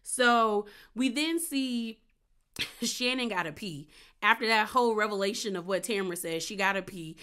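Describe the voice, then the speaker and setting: A woman's voice: medium pitch, normal speed, sharp tone, clear, resonant tone. Sassy chatty woman recapping. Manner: chatty and sassy, acts out quotes with gasps and laughs. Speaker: reality TV recapper. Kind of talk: casual episode recap.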